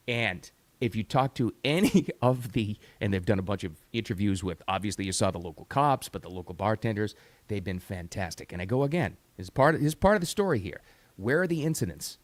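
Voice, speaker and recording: Animated talk radio host, dry studio sound. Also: male voice, mid-range voice, dry recording. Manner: animated, emphatic, repeats words for stress. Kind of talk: opinionated talk radio monologue.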